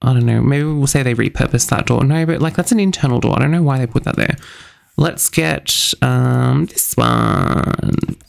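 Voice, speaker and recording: A man's voice: mid-range voice, moderate pace, creaky. A young man chatting casually in a bubbly, chatty, self-mocking way while he narrates his gameplay. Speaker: gaming channel host.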